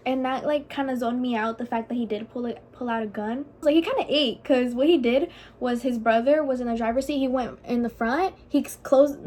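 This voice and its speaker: Young woman, high voice, casual storytime, chatty and profane, lots of "like". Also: a little mellow, a little hiss or hum. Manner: chatty and profane, heavy use of "like". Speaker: vlogger.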